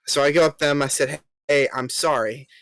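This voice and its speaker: Slightly high and a little fast, with a steady, fairly bright tone, this young male podcast co-host tells a story in relaxed chat. He's polite, fills his speech with ums, and performs the quoted dialogue.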